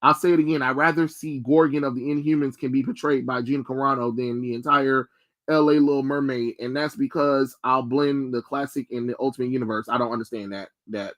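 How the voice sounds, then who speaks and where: A man's voice: mid-range voice, fairly even intonation, a little fast, muffled recording. A young man streaming live, reacting to trailers with blunt, mocking, profane rants. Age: young adult.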